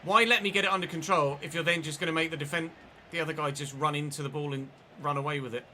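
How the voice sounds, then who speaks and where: Male streamer, sharp bright tone, slightly raised pitch, faint ambience underneath, calls the play and swears when it goes wrong. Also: fairly even intonation, fast, slight background noise. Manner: running play-by-play, swearing and frustrated outbursts. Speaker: gaming streamer. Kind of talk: live gameplay commentary.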